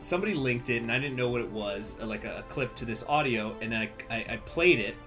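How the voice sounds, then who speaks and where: A man's voice: mid-range voice, animated, fast talker, music in the background. A man casually commenting while streaming a strategy game, chatty and rambling with many fillers and restarts.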